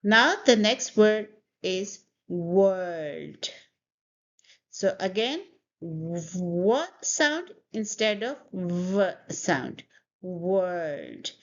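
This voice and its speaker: A woman teaching English pronunciation, slowly demonstrating words and having students repeat them. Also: medium pitch, lively intonation. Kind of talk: pronunciation lesson. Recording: dull lo-fi audio.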